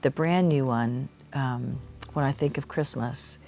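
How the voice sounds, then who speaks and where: A woman's voice: a bass voice, unhurried, a little mellow, a little hiss or hum. A middle-aged woman answering interview questions in long, thoughtful sentences. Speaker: singer, interview guest.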